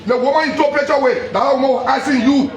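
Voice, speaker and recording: Very high-pitched Liberian man, angry and accusatory, repeats his points and shouts at times; echoey room, faint background noise. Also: quick pace. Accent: Liberian English. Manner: heated, accusatory, repeating himself, sometimes shouting. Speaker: politician. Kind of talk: angry public address.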